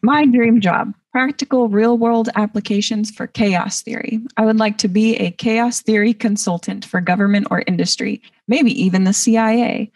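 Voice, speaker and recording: A woman in a workshop, speaking up and reading aloud in a plain, measured way. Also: on the high side, fairly even intonation, darkish tone, no room sound. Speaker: workshop participant. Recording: distant mic.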